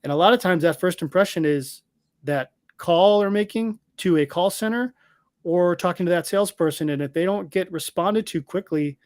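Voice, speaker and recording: A man's voice: normal speed, dry recording. Man explaining a product in a dry, close sound. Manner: explanatory, confident pitch of a product. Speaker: software company guest. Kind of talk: casual interview talk.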